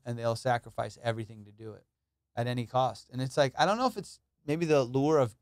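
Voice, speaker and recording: A man hosting a comedy podcast, telling stories in a profane, animated way. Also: mid-range voice, fast talker, dry recording, clean studio sound. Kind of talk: casual podcast chat.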